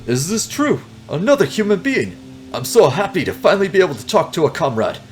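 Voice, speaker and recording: A man voicing an eager Soviet man trapped in an alien body, in a deliberately bad Russian accent. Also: high-pitched, big pitch swings, slight background noise, voice pushed up. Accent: exaggerated fake Russian. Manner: eager, earnest.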